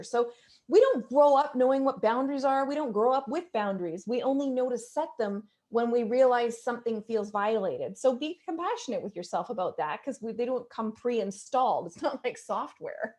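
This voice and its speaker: A woman in her forties speaks as a guest relationship specialist, lively and expressive, often slipping into little acted-out inner voices. Her voice sits a bit high for a woman. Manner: expressive, animated, quick to act out inner dialogue. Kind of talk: casual interview chat.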